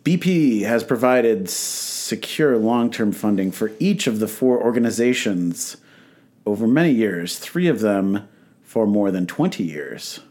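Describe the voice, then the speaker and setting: This radio talk show host has a lowish, slightly mellow voice that is animated but a bit slow. He reads a press release aloud in a casual on-air chat, joking, slipping up, fixing his mistakes, and laughing along the way.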